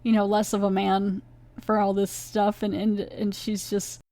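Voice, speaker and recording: A woman hosting a podcast, casually recapping a TV episode in a chatty, animated way. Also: medium pitch, a little slow, dry recording. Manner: chatty, animated, retells scenes with quoted voices. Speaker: podcast host reviewing a TV episode.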